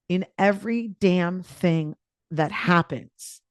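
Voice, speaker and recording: A woman's voice: on the low side, measured pace, dry recording, studio quality. A woman life coach giving a live online coaching talk in a chatty, playful way, with lots of filler words.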